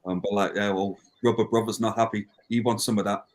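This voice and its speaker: A man's voice: fairly low pitch, steady tone. A man in a casual movie-watching chat, making wry, jokey remarks. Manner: wry, jokey, drops into quick impressions.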